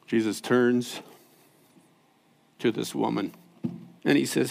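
A man preaching a sermon, telling stories that swing from loud and high to hushed and low. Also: fairly even intonation, slow, gravelly, pauses often. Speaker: pastor. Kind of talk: sermon storytelling.

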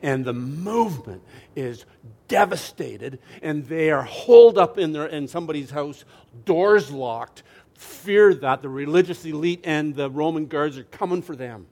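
Animated male preacher, loud then hushed. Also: fairly high pitch, unhurried. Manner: animated storyteller, swings from loud to hushed, asks "right?" often. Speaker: pastor. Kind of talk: sermon.

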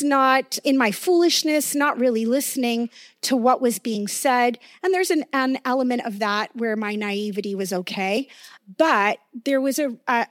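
A woman preaching in an earnest, conversational way, weaving in her own testimony and often checking in with her listeners. Her voice sits a little high for a woman, and the recording is dry and close with no room sound. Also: dry recording. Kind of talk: sermon with personal testimony.

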